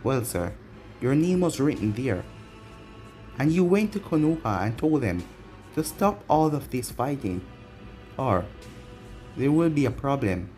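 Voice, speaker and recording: A man's voice: medium pitch, sing-song, measured pace, long pauses, darkish tone. Guy as a polite scout reporting in, calling everyone sir, faint music. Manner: respectful, formal. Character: dutiful male scout reporting to his leader.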